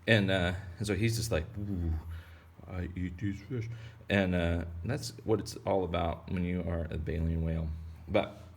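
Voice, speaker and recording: A man's voice: sits low, fairly even intonation, normal speed, few pauses. A man teaching kids to draw whales in a rambling, playful way full of jokes. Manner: rambling, playful, joking asides. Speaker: drawing teacher. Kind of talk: casual drawing tutorial for kids.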